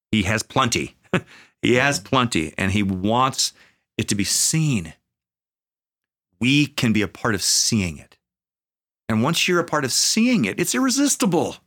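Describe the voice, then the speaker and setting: A man speaking as a pastor in a conversational podcast, earnest, with many fillers, slowing into a preaching cadence at times. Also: mid-range voice, bright, forceful tone. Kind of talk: conversational podcast talk on faith.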